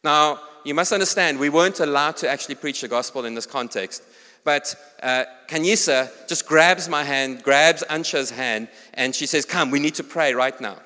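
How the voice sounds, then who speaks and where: South african guy preaching, bright forceful voice, kinda high, big echoey hall. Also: normal speed. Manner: storytelling, animated, addresses congregation directly. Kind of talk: sermon with personal story. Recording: long hall reverb.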